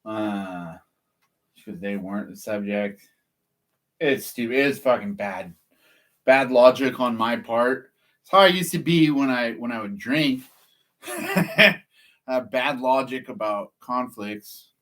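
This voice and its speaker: A man's voice: mid-range voice, slow pace, pauses often, fairly bright tone. A man from California, rambling through a casual story to the camera, swearing often and laughing at himself. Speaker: process server vlogger.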